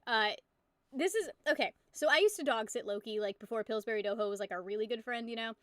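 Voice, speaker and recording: High-pitched young woman rambling on stream, giggly and sweary, dry close sound. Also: fast, fairly bright tone, no room sound. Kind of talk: casual live-stream chat.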